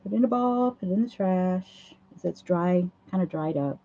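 A hoarse woman hosts a casual craft livestream, chatting through each step as she works at a home craft table. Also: lowish voice, moderate pace, dark tone. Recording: dull lo-fi livestream audio.

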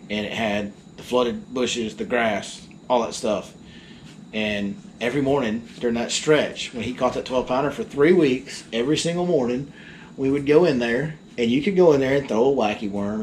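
A fishing guide telling a story in casual chat, animated and acting out the people in it. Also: male voice, medium pitch, slight background noise.

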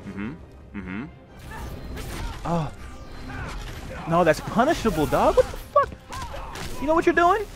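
Animated trash-talking man, high and lively. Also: slow, long pauses, music in the background. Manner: loud, profane trash talk with mocking repeats. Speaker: gaming video host and player. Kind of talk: live commentary while playing a fighting game.

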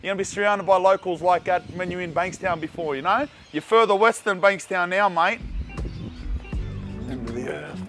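A man's voice: high voice, normal speed, music in the background. Joking Australian man hosting a food vlog. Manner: loud, joking, slangy banter. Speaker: food vlogger host. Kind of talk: casual vlog chat.

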